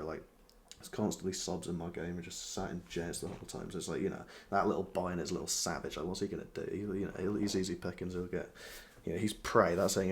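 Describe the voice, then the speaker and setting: Deep-voiced man ranting angrily. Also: a little mellow, slight background noise. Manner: heated, profane, mocking rant. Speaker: gaming commentator. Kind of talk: ranting gameplay commentary.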